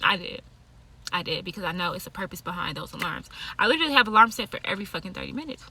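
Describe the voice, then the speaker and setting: A woman's voice: mid-range voice, animated, very fast, sharp tone, a little hiss or hum. A woman tarot reader and yoga teacher talking to camera in a casual monologue, blunt and profane, laughing often.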